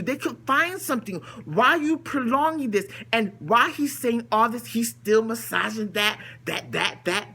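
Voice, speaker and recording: A woman's voice: fairly high pitch, pushed and bright, husky. A woman recording a casual vlog rant, blunt and exasperated, firing off rhetorical questions and dismissive asides. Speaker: vlogger reviewing a TV episode.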